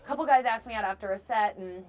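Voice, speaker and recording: A woman's voice: mid-range voice, fast talker, a little mellow, soft background music. A young woman, a stand-up comedian, chatting candidly in an interview and acting out quotes with animation. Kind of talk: casual interview chat. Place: bar.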